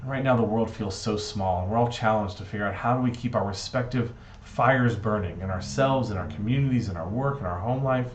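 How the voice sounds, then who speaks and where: A man with a lowish voice speaks a little quickly, offering a playful yet earnest storytelling reflection for Shabbat. The recording sounds dull and echoey, as if made in a hollow room, with slight background noise.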